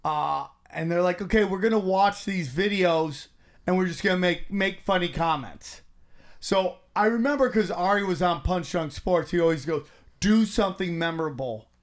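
A man's voice: sits high, normal speed. A man hosting a podcast, telling stories in casual chat. He swears freely and acts out what people said. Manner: animated, profane, acts out quotes.

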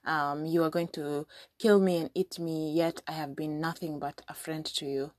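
Woman voicing a quick-witted exclaiming monkey. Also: low-pitched, steady tone, darkish tone, no echo, clean studio sound, lightly acted. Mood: indignant. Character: clever little male monkey, indignant. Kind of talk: storytelling.

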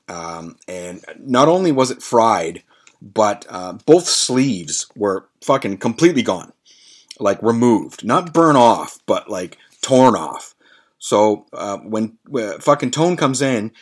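Foul-mouthed guy in his 40s rambling thru a story on his podcast, lowish voice. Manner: profane, rambling, lots of fillers and restarts. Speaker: podcast host.

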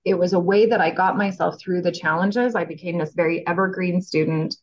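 Woman, podcast guest, lowish voice, animated, frequent fillers, muffled lo-fi sound. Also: brisk. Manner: animated, laughing often, many fillers. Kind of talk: casual heartfelt chat. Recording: slightly dull lo-fi audio.

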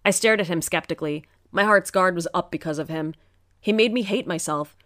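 A woman's voice: on the low side, brisk, a bit bright, no room sound, clean studio sound. A woman narrating a first-person story in an earnest, emotional storytelling manner.

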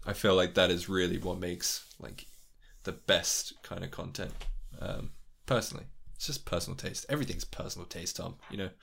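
Deep-voiced young man, rambling and laughing. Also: steady tone, normal speed, gravelly, few pauses, a bit bright, a little hiss or hum. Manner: rambling, laughs often, swears casually. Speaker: YouTuber guest. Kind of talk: casual interview chat.

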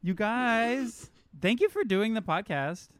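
A man co-hosting a casual podcast, slightly high for a man, with a smooth, clear voice. He is chatty and self-mocking and laughs a lot. He sounds dry and close to the mic. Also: animated, slow, fairly bright tone, no room sound. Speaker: podcast co-host. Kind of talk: casual chat.

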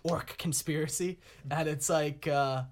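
A man co-hosting a casual chat, animated and quick to laugh, explaining things at length. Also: a little high. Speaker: podcast co-host.

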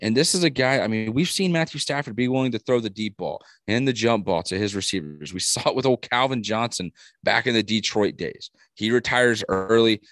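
A man co-hosting a casual sports podcast, talking in a brash, animated way and swearing freely. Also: lowish voice, fairly quick, dry recording, studio quality. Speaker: podcast co-host.

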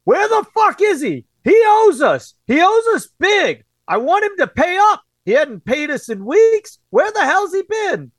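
Angry thug shouting high and strained, a man putting him on, dry sound. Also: wildly swooping pitch, measured pace, hardly any pauses, no room sound, exaggerated voice. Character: angry male thug demanding payment.

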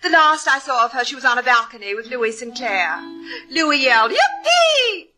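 A woman's voice: fairly high pitch, fairly quick, sharp tone. An actress playing a flirtatious, teasing society woman in a 1950s radio drama, drawling and playful. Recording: old radio broadcast with faint music.

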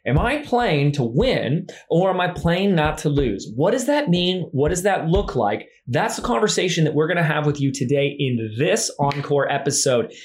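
A man's voice: a little high, very animated, moderate pace, few pauses. A man hosting a podcast who talks emphatically and repeats key phrases for effect. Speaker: podcast host. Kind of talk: enthusiastic podcast interview.

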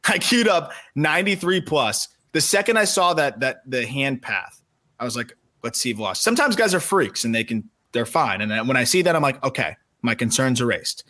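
A man co-hosting a podcast, analyzing players in casual, quick talk with frequent restarts. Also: mid-range voice, bright, forceful tone. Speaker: podcast co-host, prospect analyst.

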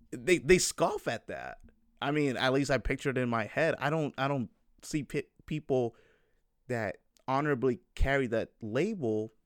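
A man's voice: mid-range voice, dry recording, studio quality. A man in his twenties talking casually to his viewers, rambling and frank, full of fillers and restarts. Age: 20s.

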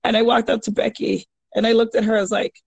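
A woman with a higher voice and a gravelly, fry-heavy edge chats on a podcast. She coaches jiu-jitsu and tells her stories in an animated, rambling way. She fills her talk with "you know" and restarts her sentences. The sound is close and dry. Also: fast, no room sound, lo-fi sound. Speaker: jiu-jitsu purple belt and kids' coach. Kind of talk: casual podcast chat, storytelling.

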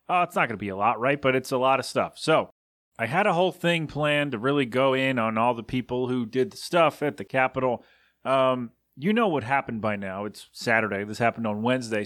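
A man's voice: mid-range voice, fairly bright tone, no room sound, studio quality. A man hosting his own podcast, talking casually in a rambling, sarcastic and exasperated way. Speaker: podcast host. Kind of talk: casual solo podcast monologue.

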